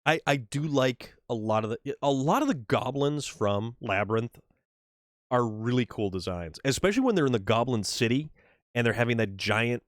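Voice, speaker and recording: A man's voice: medium pitch, lively intonation, normal speed, no room sound, clean studio sound. A man hosting a casual gameplay livestream, rambling and repeating words as he chats with viewers. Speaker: livestream gamer host. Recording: game vehicle noise behind voice.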